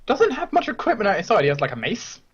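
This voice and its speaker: A man narrates a tabletop game as game master, fast and stumbling through restarts. His voice is slightly husky and raised, and the recording sounds dull and muffled. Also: high-pitched, huge pitch swings. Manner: quick, with restarts.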